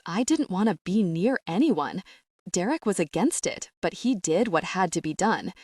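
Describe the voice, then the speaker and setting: A woman's voice: fairly low pitch, lively intonation, normal speed, a little mellow, breathy edge, no echo, clean studio sound. A woman reading the lines of an anguished young man confessing old trauma, in a strained, choked voice. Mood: bitter. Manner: strained, choked, hissing delivery. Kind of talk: audiobook character reading.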